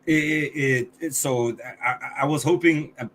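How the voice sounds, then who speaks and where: A man's voice: fairly high pitch, normal speed, fairly bright tone, a little hiss or hum. A man co-hosting a podcast, reviewing a movie in casual chat, blunt and swearing often, with many restarts. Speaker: podcast co-host.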